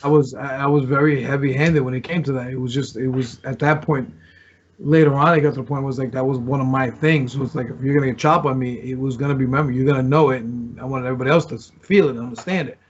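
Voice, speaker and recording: A man's voice: medium pitch, fairly even intonation, fast, husky. A former pro wrestler telling locker-room stories in casual chat, rambling and restarting as he acts out what others said. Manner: rambling, restarts often, acts out quoted lines. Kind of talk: casual storytelling. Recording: dull lo-fi podcast audio.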